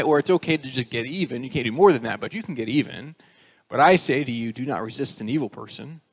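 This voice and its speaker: A man's voice: mid-range voice, quick pace. A male pastor preaching a sermon, emphatic and rising on key phrases, with casual asides to the congregation.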